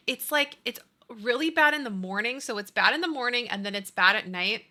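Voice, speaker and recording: A woman's voice: mid-range voice, bright, forceful tone. A woman in her thirties streaming live, chatting casually with her viewers, swearing freely and laughing often. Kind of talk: casual livestream chat.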